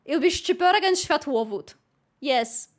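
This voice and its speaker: A woman's voice: sits high, expressive, moderate pace. A young woman chats casually with her livestream audience. She is playful and often bursts into squealing laughter between her remarks. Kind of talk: casual chat with live viewers.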